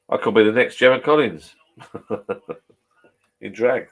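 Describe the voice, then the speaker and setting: A man's voice: mid-range voice, takes it slowly, phone-quality sound. A man in his fifties chatting casually in his home pub shed, rambling, swearing and chuckling a few beers in. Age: 50s. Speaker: vlogger.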